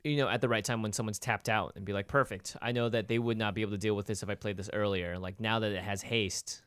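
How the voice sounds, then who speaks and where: A man's voice: lowish voice, fairly even intonation, fast talker, fairly bright tone, clear, resonant tone, no echo. A man co-hosting a casual card-game podcast, chatty and loose, with lots of fillers. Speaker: co-host.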